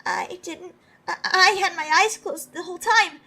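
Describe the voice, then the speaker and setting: A jittery young friend speaks in a high, shaky, stammering voice, as a woman acts it out. Nervous and hesitant. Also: normal speed, sharp tone, full character voice. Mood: timid.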